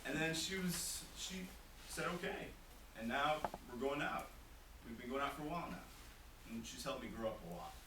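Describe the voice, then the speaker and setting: Teen boy, boastful comic monologue; very animated pitch, roomy distant hissy recording. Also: normal speed. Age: teens. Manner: goofy, boastful, shrieking girl impressions. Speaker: talent show performer. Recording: echoey room from far off, hissy noise.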